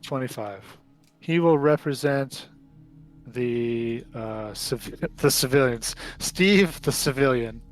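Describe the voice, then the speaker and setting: A man runs a tabletop game at a slow, halting pace, full of pauses and fillers. His pitch sits mid-range, and faint music plays under him. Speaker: game master.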